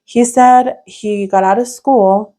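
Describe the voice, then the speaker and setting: With a slightly high, steady and warm voice, this young female co-host speaks slowly, rambling through a story in casual podcast chat full of "like" fillers and restarts.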